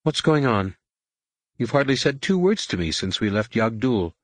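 A man's voice: medium pitch, very animated, no echo. A man voicing a nervous, hopeful young woman. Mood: anxious. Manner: hesitant, halting.

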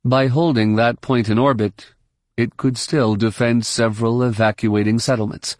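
Reading scripted audiobook narration, a man uses a mid-range voice and a steady, measured storytelling style. The studio-quality recording has no echo.

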